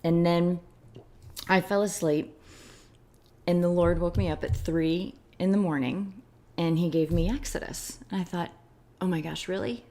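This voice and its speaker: A woman guest on a podcast, telling a personal story and acting out the dialogue in lively voices. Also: fairly low pitch, a little slow, pauses often. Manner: animated, acts out quoted dialogue in lively voices. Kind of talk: storytelling in a conversational interview.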